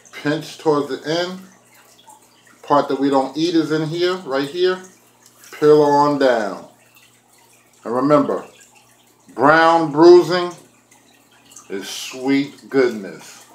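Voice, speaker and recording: A man's voice: fairly high pitch, expressive, very slow, pauses often, roomy sound, poor audio. A man chatting casually to his viewers while he makes food in his kitchen, talking to them directly. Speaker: vlogger. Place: home kitchen.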